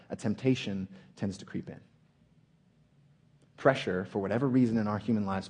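Male preacher, earnest sermon delivery; low, husky, mellow tone. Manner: earnest, slows and drops to a hush for emphasis.

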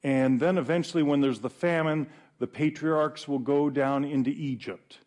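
A male pastor preaching a sermon in a conversational, animated way with fillers and pauses. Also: fairly high pitch.

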